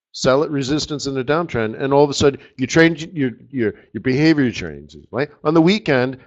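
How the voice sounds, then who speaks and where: A man giving a live trading webinar in a casual, rambling, joking way, often checking in with "right?". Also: medium pitch. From Canada. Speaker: forex market strategist presenting a webinar. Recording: slightly muffled webinar audio.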